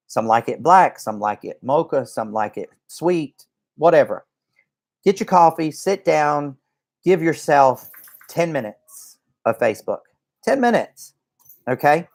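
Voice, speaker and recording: Chatty, folksy motivational coach. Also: mid-range voice. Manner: chatty and folksy, with lots of "okay?" and "right?"; acts out phone calls in a lively voice. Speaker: network marketing coach. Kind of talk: casual motivational talk to a live online group.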